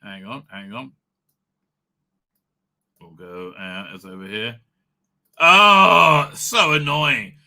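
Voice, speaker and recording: Bright-voiced ranting male streamer. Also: medium pitch, takes it slowly, pauses often. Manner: profane, ranting, many fillers. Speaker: livestream host. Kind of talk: rambling live stream chat.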